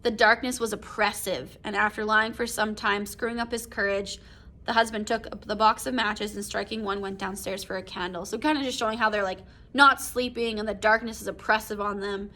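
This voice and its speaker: Her voice medium-pitched, steady, pushed and bright, a woman English teacher moves briskly through a casual recorded lesson. She reads passages of a short story aloud and explains them, peppering her talk with "um", "like" and "right?".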